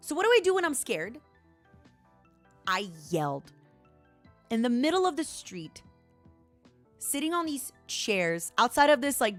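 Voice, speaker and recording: A woman's voice: on the high side, a bit bright. A woman streamer in casual chat, telling a story dramatically and animatedly.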